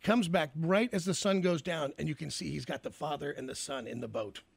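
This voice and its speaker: A man's voice: fairly high pitch, brisk, gravelly, husky, no room sound. A male radio host telling a story in a casual, rambling way, trailing off and starting over.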